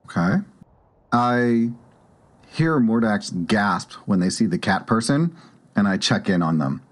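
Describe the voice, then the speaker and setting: A man playing a tabletop game, calmly speaking in character and describing his actions. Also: lowish voice, unhurried. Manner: calm, in-character speech mixed with narration. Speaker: player. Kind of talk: tabletop role-play.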